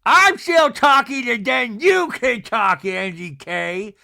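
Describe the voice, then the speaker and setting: A man doing an impression of a dramatic, indignant middle-aged woman from a reality show, with breathy, emphatic delivery. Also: sits high, very animated, moderate pace, sharp tone, full character voice.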